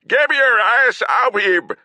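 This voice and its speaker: A man voicing a hot-headed male knight who shrieks and shouts in a fury. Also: medium pitch, huge pitch swings, takes it slowly, gravelly, husky, no room sound, voice pushed up, full character voice. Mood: furious.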